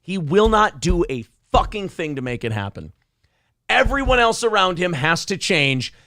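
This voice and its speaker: A man's voice: high-pitched, big pitch swings, normal speed, sharp tone, dry recording, studio quality. A man hosting a casual podcast, joking crudely and ranting, reading out chat comments. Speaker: podcast host.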